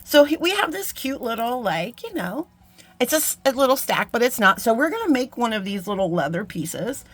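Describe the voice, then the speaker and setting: A woman's voice: on the high side, very animated, a little fast, dry recording. A middle-aged woman chatting casually through a jewelry-making tutorial, self-deprecating and talking to viewers as friends. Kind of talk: casual craft tutorial chat.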